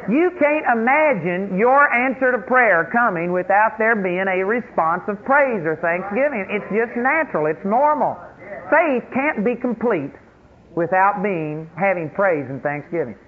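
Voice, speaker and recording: A man preaching a sermon as pastor, emphatic and quick to act out the voices of complainers. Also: sits high, animated. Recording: tinny phone-like radio broadcast, faint noise.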